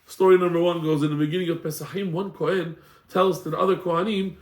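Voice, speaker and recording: High-voiced rabbi teaching in an echoey room. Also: male voice, brisk. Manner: animated, acts out the people in his stories. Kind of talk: casual Torah class with storytelling.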